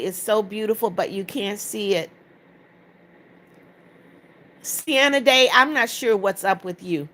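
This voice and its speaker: A woman's voice: mid-range voice, fairly bright tone. A woman hosting a livestream, reading viewer comments aloud, answering them directly and praying over requests. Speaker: livestream host.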